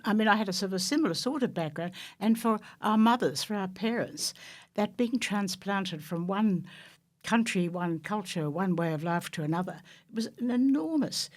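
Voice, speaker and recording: A woman interviewing a radio host, asking brisk, eager questions and sometimes cutting in, in a radio studio. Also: medium pitch, expressive. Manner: brisk, eager questioner who talks over and apologizes. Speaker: guest interviewer.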